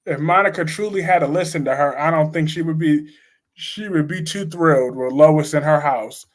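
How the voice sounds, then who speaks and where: A man's voice: a little high, normal speed. A man giving blunt, opinionated soap opera commentary in a casual live-stream chat, reading and answering viewers' comments. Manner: blunt, opinionated, repetitive emphasis.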